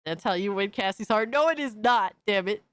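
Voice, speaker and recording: A woman livestreamer in casual, profane chat, excitably reacting to videos and thanking viewers by name. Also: mid-range voice, brisk, clear, resonant tone, dry recording.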